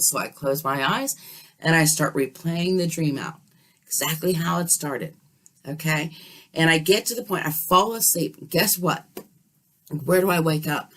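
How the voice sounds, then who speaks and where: A woman telling a story in a casual, animated way, often checking in with her listener. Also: sits low. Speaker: dream vlogger.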